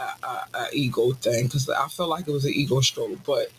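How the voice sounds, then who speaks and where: A woman hosting a podcast in casual chat, bubbly and effusive, squealing with excitement. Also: rumbling low, moderate pace, soft background music. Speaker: podcast host.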